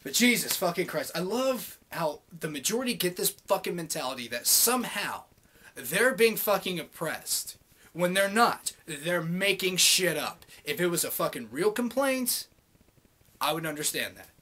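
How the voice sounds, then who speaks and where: A man's voice: high voice, sing-song, moderate pace, pushed and bright, husky. A young man venting in a casual, heavily profane rant to his camera, heated and sarcastic. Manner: swears constantly, heated and sarcastic. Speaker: vlogger.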